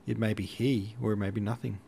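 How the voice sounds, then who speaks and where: Man doing grumpy soldier mumbling answers, deep-ish. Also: steady tone, quick pace, gravelly, warm tone, a little hiss or hum. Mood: grudging. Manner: grudging, muttered replies. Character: surly reluctant male cavalry soldier.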